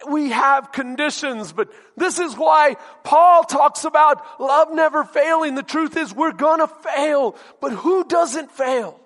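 A man's voice: very high voice, slow pace, hardly any pauses, fairly bright tone, long reverb tail. A male pastor preaching a sermon, emphatic and questioning his congregation directly.

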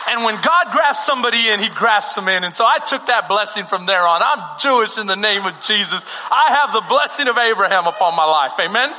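A man's voice: high-pitched, expressive, a little fast, hardly any pauses, long reverb tail, a crowd in the background, noisy background. A male pastor preaching a sermon with fervor, driving points home with emphatic rhetorical questions.

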